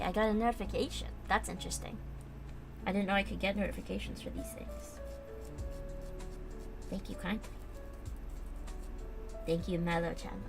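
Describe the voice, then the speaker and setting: A woman's voice: medium pitch, vocal fry, a bit bright. A young American woman chatting casually on a livestream while she builds a model kit, rambling and reading chat aloud with lots of fillers. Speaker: streamer. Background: faint background music.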